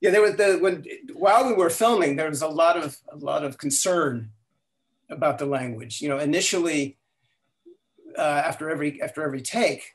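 An older man telling stories as an interview guest. He talks in an animated way, acts out the quotes and often restarts his sentences. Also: on the high side, fairly quick. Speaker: guest, language inventor. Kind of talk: storytelling interview.

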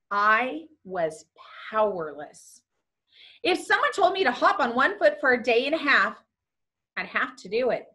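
A woman teacher reads a storybook aloud to her class and talks it over with them, asking questions as she goes. Her voice sits high and bright, and she takes her time, letting every line rise and fall dramatically. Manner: expressive, asks listeners questions. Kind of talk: reading a book aloud to students and discussing it.

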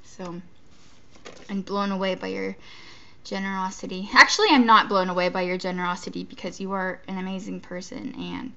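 A woman's voice: medium pitch, level tone, moderate pace, creaky, sharp tone, dull audio. A woman chatting casually while opening a gift box, gushing and stammering between giggles. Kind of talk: casual unboxing chat. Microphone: off-camera, not shown.

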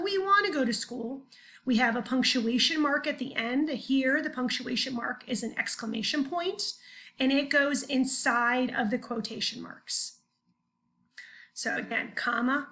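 A woman teacher giving a recorded lesson over slides, explaining patiently step by step and often clearing her throat. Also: high voice, pushed and bright.

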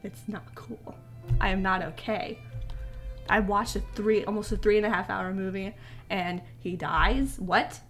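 A woman talks her way through a game in casual let's-play commentary. She is chatty and excitable, reacting aloud as she goes. Her pitch sits in a middle range, with soft music playing quietly behind her. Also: measured pace. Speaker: gaming video creator.

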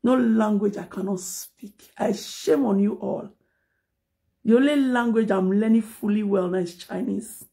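Gravelly Nigerian woman ranting on a phone. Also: mid-range voice, a little slow, warm tone. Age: adult mother. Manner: confrontational, scolding, mixes English and Pidgin. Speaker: social media personality. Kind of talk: heated live video rant.

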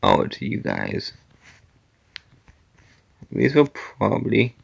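A man's voice: on the low side, wildly swooping pitch, takes it slowly, vocal fry, pauses often, a little mellow. A man giving casual commentary while playing an obstacle-course game, muttering to himself, sometimes dropping to a whisper and sometimes exclaiming at setbacks.

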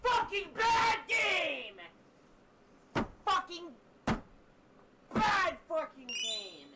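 A man's voice: very high-pitched, very animated, drawn-out words, shouting, recorded from a distance. A man screaming in gaming rage. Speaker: streamer. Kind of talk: raging gameplay clip. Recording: noisy old stream clip.

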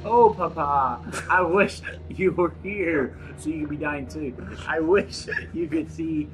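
A man reading a note aloud in a put-on voice, playing a doomed young woman, slow and melodramatic. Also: sits high, lively intonation. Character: doomed young woman writing a dying diary.

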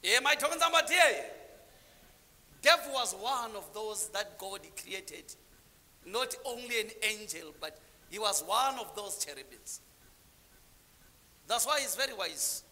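A man preaching a sermon, calling on the congregation to answer back, dropping to low murmurs and then rising into shouted lines. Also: expressive, a little slow, long pauses, in a large hall, some chatter behind.

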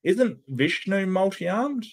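A man's voice: sits high, big pitch swings, slow pace, husky. A man casually commentating on a cartoon and answering his chat, stumbling over many repeated starts.

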